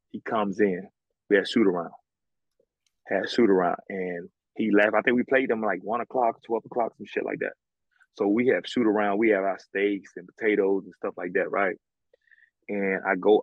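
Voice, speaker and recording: Man in his 30s, ex-baller guest, husky low voice, blunt and profane, dry dull sound. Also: no room sound. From American South. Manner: blunt, profane, animated storytelling. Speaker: former college basketball player, guest. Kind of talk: casual storytelling interview.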